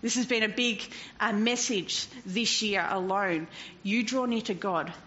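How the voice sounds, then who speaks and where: A woman preaching a sermon in an animated way, swinging from loud to hushed and often laughing. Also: medium pitch, measured pace. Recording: dull lo-fi recording with faint noise.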